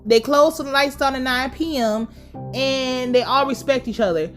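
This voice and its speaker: A woman's voice: high-pitched, normal speed, a bit bright, soft background music. A woman giving a casual, blunt and profane recap of a TV episode. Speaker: TV recap vlogger.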